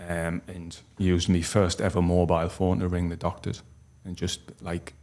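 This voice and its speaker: A man, telling a personal story as a podcast guest in a halting, heartfelt way with many restarts. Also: low-pitched, monotone, a little mellow. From North East England. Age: 40s.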